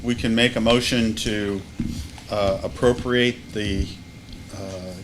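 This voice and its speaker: A man chairing a school board meeting, halting and restarting with fillers as he walks through procedure. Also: on the low side, fairly even intonation, faint music behind.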